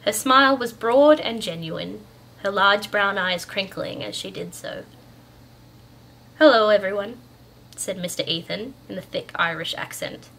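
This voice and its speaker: A woman's voice: medium pitch, normal speed, creaky, bright, forceful tone. A young Australian woman chatting casually with her viewers and reading a story aloud. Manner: chatty, upbeat, with fillers. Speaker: storyteller and channel host. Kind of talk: casual chat, then read story narration.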